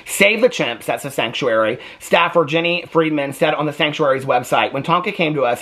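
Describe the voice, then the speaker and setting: A man's voice: medium pitch, pushed and bright. A man, a young adult, talking through a casual TV review in a rambling, conversational way with lots of fillers and restarts. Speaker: TV review vlogger.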